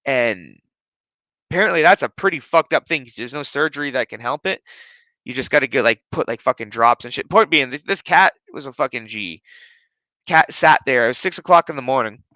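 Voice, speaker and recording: Man, podcast host, cursing, rambling storyteller, bright voice, dry close sound. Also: mid-range voice, lively intonation, fairly quick, dry recording, poor audio. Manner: profane, rambling, full of fillers like "like". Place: his living room at home. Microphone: streaming setup.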